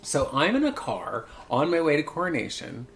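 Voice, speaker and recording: A man hosting a podcast, telling a story in casual chat with a campy, animated manner. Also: fairly high pitch, normal speed, a little hiss or hum. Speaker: podcast host.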